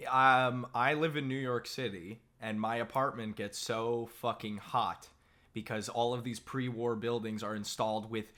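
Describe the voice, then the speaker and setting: A young man co-hosting a casual comedy chat, teasing and quick to react. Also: medium pitch, steady tone, bright, forceful tone. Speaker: podcast co-host.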